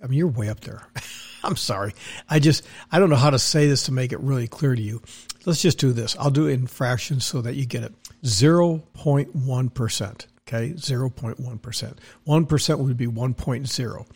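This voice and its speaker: A man's voice: medium pitch, a little fast, vocal fry, a little mellow, husky. A man hosting his own podcast as a financial adviser, delivering a blunt, rambling, opinionated rant full of restarts. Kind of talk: opinionated solo podcast monologue.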